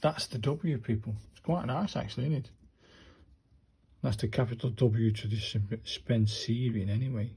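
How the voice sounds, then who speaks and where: A man speaks at normal speed in a medium-pitched voice that is gravelly, slightly rough, and a little mellow. Writing as he goes, he casually walks viewers through handwriting practice and mutters to himself.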